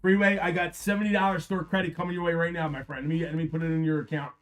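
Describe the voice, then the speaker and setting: A man's voice: a little high, little pitch movement, rapid-fire, faint music behind. A middle-aged man hosting a live stream, talking casually and bluntly, swearing freely, telling stories and chatting with viewers by name. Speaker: live card-break stream host.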